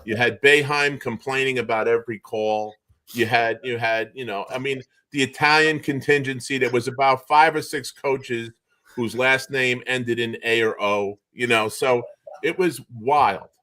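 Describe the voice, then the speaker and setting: Speaking at a measured pace in a mid-range voice, this New Bedford, Massachusetts-area man is a former basketball player and show co-host guesting on a casual interview. He tells his stories with animation and frequent chuckles, though he keeps trailing off and starting over.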